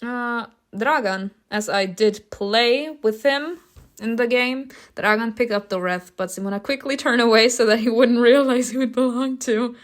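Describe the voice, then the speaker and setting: A woman reading a story game's narration aloud, breaking off for loud, laughing reactions and casual swearing. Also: a little high, normal speed. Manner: reads narration evenly, bursts into loud laughing outbursts. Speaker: streamer reacting to a story game.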